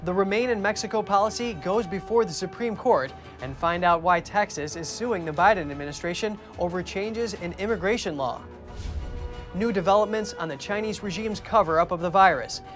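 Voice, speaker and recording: A man anchoring a news program, reading the headlines in a measured, crisp way. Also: high voice, lively intonation, fairly bright tone, soft background music.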